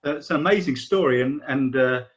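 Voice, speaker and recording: A man's voice: mid-range voice, brisk, husky. A man hosting a video call, responding to a guest's story. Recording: dull lo-fi call audio.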